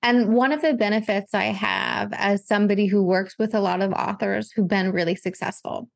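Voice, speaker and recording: A woman literary agent and author talking as a podcast guest, thoughtful and relaxed, dotted with filler words. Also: mid-range voice, normal speed, creaky, no echo, studio quality. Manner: reflective, loose with fillers like "like". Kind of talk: casual podcast conversation.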